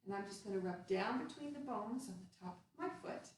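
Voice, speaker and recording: A woman's voice: mid-range voice, animated, brisk, far from the mic. Echoey woman leading a kids' movement class. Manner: playful, instructive, sing-song. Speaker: children's movement teacher. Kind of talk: guided kids' movement lesson. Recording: very echoey room, voice off-mic, faint hiss.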